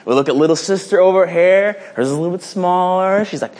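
A man's voice: sits high, brisk. A man preaching a casual, playful sermon, telling a story and often restarting his phrases. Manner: animated, rambling with restarts, playful.

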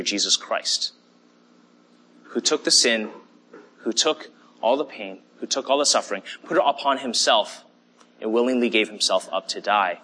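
A man's voice: fairly low pitch, sharp tone, a little hiss or hum. A man preaching a sermon in a conversational way, often checking in with the listeners. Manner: conversational preaching with fillers and "okay?" check-ins. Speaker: pastor.

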